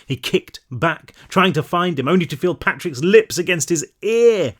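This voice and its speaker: A man narrating his own novel in a measured reading, now and then dropping into relaxed asides to his listeners. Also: sits high. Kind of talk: audiobook-style read-through.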